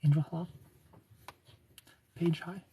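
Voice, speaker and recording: A young man hosts a casual livestream, greeting viewers, reading comments, and ranting with heavy swearing and frequent laughter. His voice is on the high side and warm, with vocal fry and a breathy edge, delivered flat and slowly.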